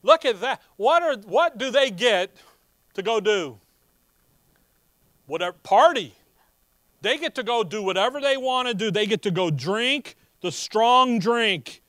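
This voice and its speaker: A man preaching a sermon, reading scripture and explaining it in a folksy, animated way. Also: sits high, a little slow, no room sound, studio quality.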